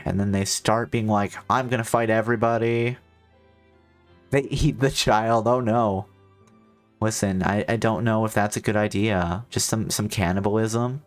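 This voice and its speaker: Low-voiced man chatting on a game stream. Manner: rambling, joking asides to chat. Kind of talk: casual let's-play chat.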